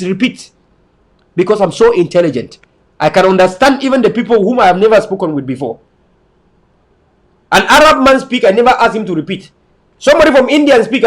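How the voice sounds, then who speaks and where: High-voiced man lecturing emphatically. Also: fairly bright tone. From Cameroon. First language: not English. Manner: emphatic, repetitive, preaching. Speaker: online commentator. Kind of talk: lecturing monologue to viewers.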